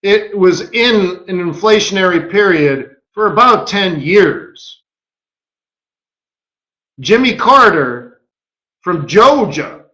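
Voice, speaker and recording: Guy running a trading webinar, bright highish voice, rhetorical, echoey room. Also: muffled recording. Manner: animated, rhetorical, keeps asking "right?". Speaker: market strategist hosting a webinar. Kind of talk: live trading webinar commentary.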